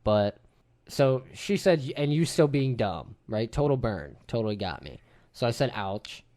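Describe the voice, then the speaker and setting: A man in his thirties hosts a relaxed group podcast in an ordinary mid-range voice. He tells stories with animated energy and drops casual swearing along the way. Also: mid-range voice, measured pace. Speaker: podcast host.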